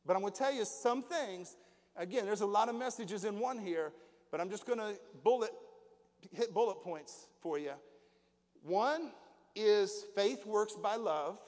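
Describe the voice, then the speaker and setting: Man preaching, folksy, high voice, long church reverb. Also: animated, moderate pace, a little mellow. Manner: folksy preaching, rhetorical questions to the congregation. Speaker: pastor. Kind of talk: sermon. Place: church hall.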